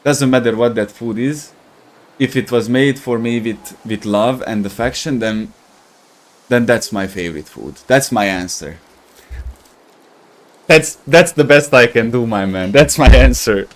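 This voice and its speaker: A young Romanian man hosts a gaming livestream, chatting loosely with viewers as he plays. His medium-pitched voice is unhurried, and he rambles, laughs often and searches for words.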